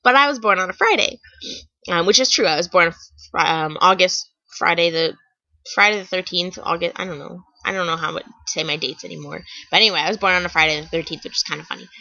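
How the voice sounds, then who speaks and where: A woman's voice: lowish voice, fast talker, gravelly, bright, forceful tone, no echo, lo-fi sound. A young woman telling funny stories to camera in a chatty vlog, with lots of fillers and restarts. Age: young adult. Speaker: vlogger. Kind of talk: casual storytelling to camera.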